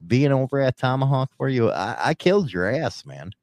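A man's voice: mid-range voice, very animated, fairly quick, darkish tone, dry recording, clean studio sound. A man hosting a podcast in casual chat, joking and teasing his co-host with plenty of swearing.

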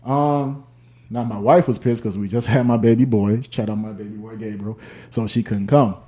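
A man's voice: fairly low pitch, steady tone, moderate pace, mellow. A young man with a Chicago accent telling stories in casual podcast chat, laughing often and mimicking voices. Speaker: podcast guest, percussionist.

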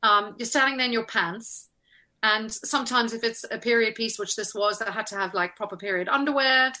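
Woman, actor guest, bright voice, animated self-deprecating storytelling. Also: a little high, fairly quick. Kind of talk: casual anecdote in conversation.

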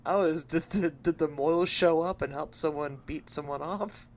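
A man co-hosting a podcast, ranting and swearing in excitable casual chat. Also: a little high, normal speed. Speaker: podcast co-host.

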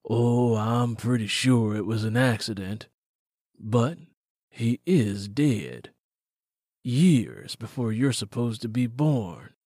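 Casting: a man doing a gruff, slow-spoken small-town cop, suspicious, pressing hard, dry close sound. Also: mid-range voice, lively intonation, a little mellow, no echo. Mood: probing. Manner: slow, deliberate, blunt questioning. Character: stern small-town male police officer, skeptical. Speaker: police officer. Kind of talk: audiobook character voice.

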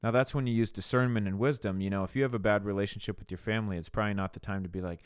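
A man's voice: fairly low pitch, fairly even intonation, racing, hardly any pauses, smooth, dry recording, studio quality. A man preaching a podcast sermon, moving between earnest spoken prayer and urging his listeners on. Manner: earnest, exhorting, addresses listeners as guys.

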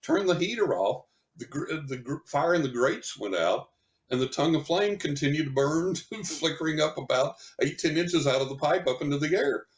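A man, a psychic medium guest on a podcast, telling a story in an animated way and laughing as he talks. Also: fairly high pitch, moderate pace. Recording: roomy echo.

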